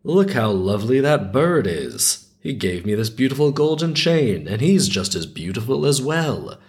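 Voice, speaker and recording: A man's voice: mid-range voice, sing-song, normal speed, darkish tone, pitched above the performer's own voice. Man reading as an oblivious cheery father. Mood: cheerful. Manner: cheery, carefree.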